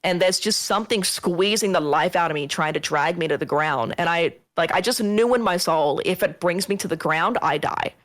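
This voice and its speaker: A woman telling a ghost story on a casual podcast, animated and swearing often, acting out what people said. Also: fairly low pitch, normal speed, few pauses. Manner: animated, swearing, acts out quotes. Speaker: guest.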